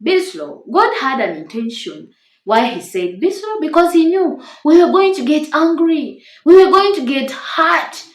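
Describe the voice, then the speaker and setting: A woman's voice: high voice, big pitch swings, measured pace, roomy sound. A woman with a tender, small voice giving an earnest, encouraging devotional talk to camera. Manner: earnest, encouraging, stresses words. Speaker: Christian marriage-tips YouTuber.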